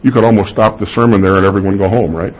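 A pastor delivers a sermon in a church, his husky voice climbing to emphatic peaks on key words. He keeps turning to the congregation with questions. The recording is muffled and lo-fi. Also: sits low, steady tone, rapid-fire. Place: church sanctuary.

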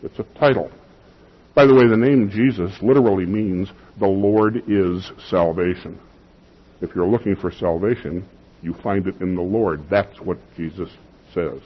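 A male pastor delivers a sermon with emphasis, often repeating his key phrases for weight. His voice sits low and a little husky. The recording is dull and lo-fi. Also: moderate pace.

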